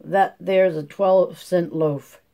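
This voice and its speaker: A man's voice: high-pitched, fairly even intonation, slow, vocal fry, mellow, heavily acted. A man voicing a small, sly store clerk who giggles and talks in a glib drawl.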